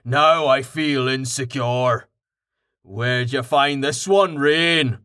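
A man voicing a huge, boisterous bearded warrior in armor, loud and hearty, in an audiobook. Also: medium pitch, slow. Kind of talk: audiobook character voice.

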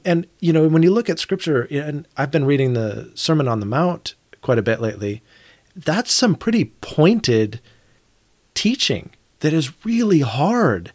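A man's voice: on the high side, very animated, unhurried, darkish tone, no room sound. Earnest man thinking aloud, dry sound. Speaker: podcast co-host. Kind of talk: reflective conversational discussion.

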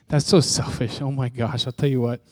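A man with a medium-pitched, slightly mellow voice preaches a personal testimony to his congregation. The sound is dry and close with no room echo, and he tells the story candidly, poking fun at himself and acting out bits of dialogue.

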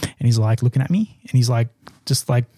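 An Australian man in casual podcast chat, spinning a story and voicing the people in it. His voice sits at a middling pitch. The recording is close and dry. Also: fairly quick, slightly rough, dry recording. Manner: animated storyteller, acts out quotes, laughs. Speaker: podcast co-host.

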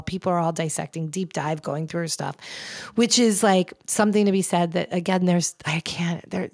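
A woman's voice: fairly low pitch, no echo, clean studio sound. A woman hosting a podcast, chatting casually and bluntly about pop culture, swearing freely with rambling asides. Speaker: podcast host. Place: office.

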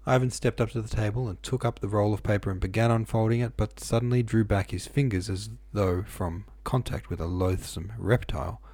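Man reading a novel out loud, steady pace, low dark mellow tone, super dry close sound. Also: fairly quick, hardly any pauses, no echo. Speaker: audiobook reader. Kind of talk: novel narration.

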